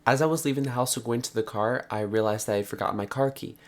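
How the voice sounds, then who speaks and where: A man's voice: mid-range voice, fast talker. A young man narrating his own vlog in an earnest, matter-of-fact way, recapping his month. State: out of breath. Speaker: vlogger. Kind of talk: vlog narration mixed with on-location clips.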